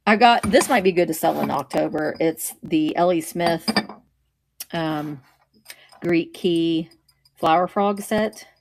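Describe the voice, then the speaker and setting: A woman's voice: on the low side, slow, gravelly, long pauses, background noise. Middle-aged female vintage reseller, chatty and rambling, hosting a live stream at home. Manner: chatty, rambling, greets viewers while showing items. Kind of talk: casual live-stream chat.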